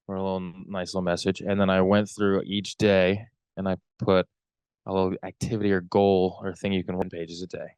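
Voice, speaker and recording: A young adult man co-hosting a podcast, chatting casually in a halting, rambling way. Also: sits low, little pitch movement, a little mellow, smooth, no room sound. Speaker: podcast co-host. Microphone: close podcast mic.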